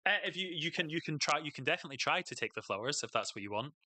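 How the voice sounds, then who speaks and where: A man narrating as game master of a tabletop game, halting and full of fillers as he describes scenes. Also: fairly high pitch, lively intonation, bright, forceful tone, no room sound.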